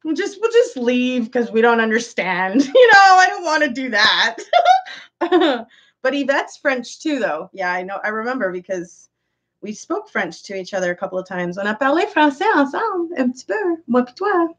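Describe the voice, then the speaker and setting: A woman's voice: on the high side, sing-song, normal speed, fairly bright tone. A woman hosting a casual live stream, chatting with viewers, reading their comments aloud and laughing often. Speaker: livestream host chatting with viewers.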